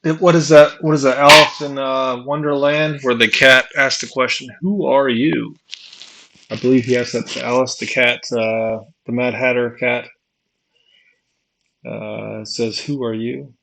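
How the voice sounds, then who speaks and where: A man in his forties from the United States, thinking aloud in a halting, searching monologue that is full of restarts and repeated questions while he has been drinking. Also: mid-range voice, flat delivery, vocal fry, sharp tone. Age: 40s. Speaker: vlogger. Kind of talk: rambling philosophical monologue.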